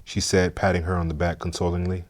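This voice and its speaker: A man narrating a story in a steady, measured, scripted way. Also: sits low.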